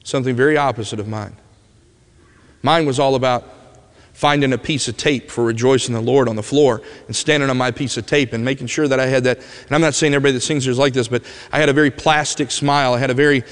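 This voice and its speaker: A man's voice: mid-range voice, fairly even intonation, fast. Man preaching a story in a reverberant hall. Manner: vivid storyteller, drops to a hushed voice at tender moments. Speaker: preacher giving a testimony. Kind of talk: emotional sermon storytelling.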